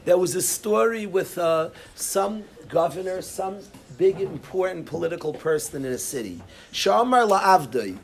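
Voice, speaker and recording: A man's voice: on the high side, darkish tone, slight background noise. A rabbi teaching a lecture class, telling a story and explaining each source line while often repeating and restarting his phrases.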